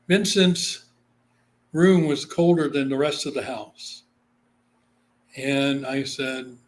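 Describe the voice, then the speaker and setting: With a fairly high voice and a bit of hiss or hum in the recording, a Guamanian man who works as a psychic medium recounts a story during a laid-back interview. He chats freely, sprinkling in "you know" and performing quoted speech.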